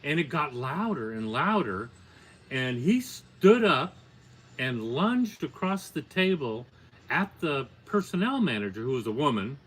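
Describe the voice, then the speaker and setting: With a husky, mid-range voice and an unhurried pace, this older podcast guest spins a long tale. He keeps it casual, plainspoken, and matter-of-fact, though it rises to animated peaks.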